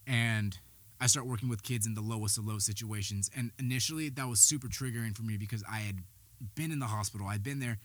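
A man's voice: on the low side, quick pace, dry recording. A man hosting a podcast, telling his personal story in a candid, rambling way, swearing freely and sounding slightly out of breath. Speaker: podcast host; behavioral health worker.

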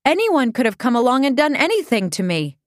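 A woman voicing a prim, pampered young woman detective who breaks into shrill, indignant outbursts. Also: animated, normal speed, fairly bright tone, no room sound, studio quality. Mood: fretful.

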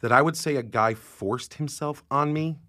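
A man's voice: sits low, moderate pace, dry recording, studio quality. A man performing a shaken young man recounting his trauma in tense, fragmented lines of a spoken word drama. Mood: anguished. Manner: tense, fragmented confessional delivery. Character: young man shaken after being outed and assaulted.

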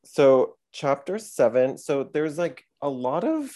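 A man's voice: a little high, very animated, takes it slowly, dark tone. A man co-hosting a podcast, chatting casually, hesitant and often apologizing. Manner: apologetic, hesitant, lots of fillers. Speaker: podcast co-host. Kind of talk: casual chat.

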